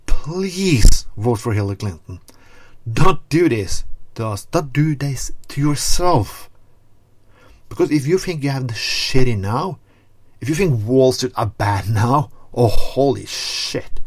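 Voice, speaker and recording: A man, host of a political commentary show, delivering a heated, profane rant that hammers words over and over. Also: mid-range voice. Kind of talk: angry political rant to camera.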